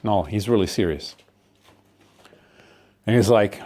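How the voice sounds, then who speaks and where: A man's voice: medium pitch, expressive, measured pace, a little mellow. A man delivering a profane, sardonic comedic rant about philosophy and human existence. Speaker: monologuist.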